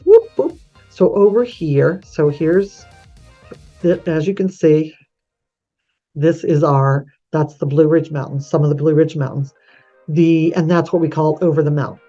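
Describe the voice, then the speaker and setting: Woman, low voice, chatty and folksy, self-correcting, dull audio with faint music. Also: warm tone, husky. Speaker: real estate channel host. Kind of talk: casual screen-share map tour.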